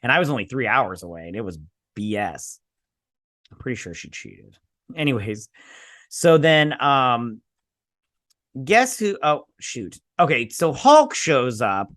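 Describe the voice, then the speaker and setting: A man's voice: mid-range voice, sing-song, a little slow, pauses often, a bit bright, no room sound, studio quality. A man hosting a casual review vlog, blunt, sarcastic and dismissive in tone. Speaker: host.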